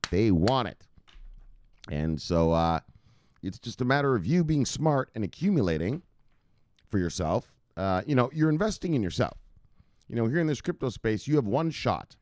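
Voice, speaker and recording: A man's voice: medium pitch, big pitch swings, moderate pace, pauses often, darkish tone, dry recording, clean studio sound. A man hosting a crypto news show, giving hyped and profane casual market commentary straight to his viewers.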